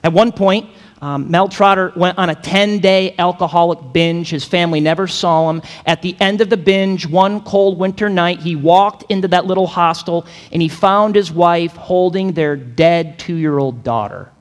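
Male pastor, higher-pitched voice, dynamic emphatic sermon delivery, long hall reverb. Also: normal speed. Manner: dynamic preaching, acts out quotes, builds to emphatic peaks.

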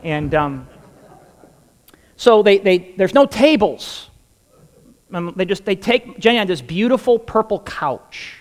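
A man's voice: high-pitched, lively intonation, slow pace, long pauses, big-room sound. A man preaching a sermon, telling a humorous personal story and acting out the dialogue before drawing the lesson. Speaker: pastor.

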